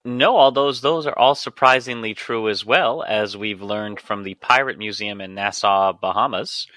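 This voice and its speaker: A man's voice: on the low side, moderate pace, sharp tone. A man co-hosting a podcast as an internal medicine doctor, joking and teasing his co-host with quiz-style questions in casual banter.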